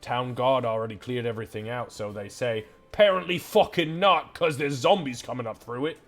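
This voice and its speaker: Here is a swearing, hard-nosed tavern keeper, blunt and bossy, at a middling pitch with a little music behind him, as a game master puts him on. He barks his orders and drops curses into nearly every sentence. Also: fairly quick, a bit bright, lightly acted. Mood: grumbling. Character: foul-mouthed gruff male tavern keeper.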